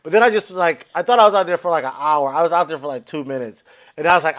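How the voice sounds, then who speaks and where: A man with a high-pitched voice spins a long comic story in a casual chat. He acts out every quote with lively voices and swears freely as he goes. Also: quick pace. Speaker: comedian guest. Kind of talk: storytelling on a comedy podcast.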